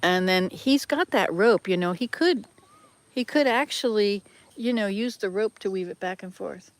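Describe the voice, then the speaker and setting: Here an older woman vlogs outdoors near a hut, holding the camera as she chats in a loose, rambling way and keeps correcting herself. Her voice is mid-range and her speed is normal.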